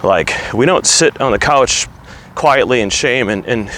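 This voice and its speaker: A man vlogging candidly about his weight, earnest and halting. He is slightly out of breath from walking while he talks. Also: mid-range voice, animated, a bit bright, slight background noise. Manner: earnest, halting, restarts words while opening up. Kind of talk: candid confessional vlog.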